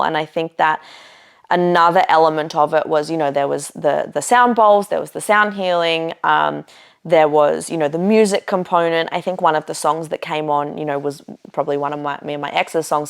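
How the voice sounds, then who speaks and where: A woman's voice: low-pitched, steady tone, fairly quick, vocal fry, clear, resonant tone. A woman podcast host casually telling a personal story, chatty, with lots of "like" and "you know" and the odd swear.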